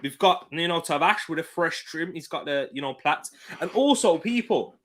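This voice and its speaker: A man's voice: a little high, animated, moderate pace, a bit bright. A man with a British accent hosting a live football watch-along stream, chatting casually, laughing often and reading out viewer comments while sitting back from his desk mic. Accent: British English. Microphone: desk mic, sits back from it.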